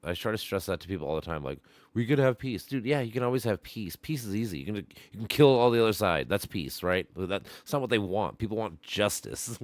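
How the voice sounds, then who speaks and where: A man's voice: on the low side, animated, brisk, few pauses, dry recording. A man hosting a casual stream, talking bluntly with lots of swearing and laughing. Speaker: stream host. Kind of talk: casual profane chat.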